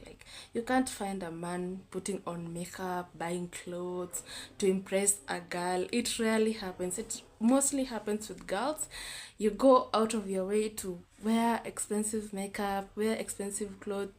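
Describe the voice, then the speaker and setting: A woman's voice: mid-range voice, darkish tone. A young woman in her twenties talking casually to camera, giving candid dating advice with many fillers and repeats. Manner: chatty, candid, repeats herself with lots of fillers. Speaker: vlogger.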